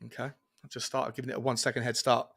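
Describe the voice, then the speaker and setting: A man hosting a live fan watchalong stream, chatting excitably and reading out viewer comments. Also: medium pitch, rapid-fire, breathy edge. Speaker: fan show host. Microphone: earphones with mic, webcam.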